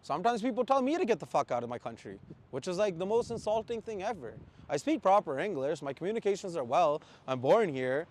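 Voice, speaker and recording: Man, truck driver, high-pitched, blunt, profane, heated rant. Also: sing-song, quick pace, a little mellow. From Canada. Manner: blunt and profane, rising to angry outbursts.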